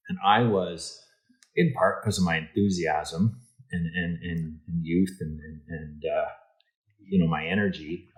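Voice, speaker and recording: A man from Canada, a guest in an interview, telling a story with lively acted-out dialogue and many restarts. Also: low voice, rough recording. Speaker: interview guest, insurance executive.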